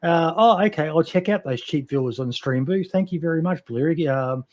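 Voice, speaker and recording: A man's voice: a little high, normal speed, a little mellow. A middle-aged man in casual podcast chat, rambling and swearing freely as he tells fond stories about a friend.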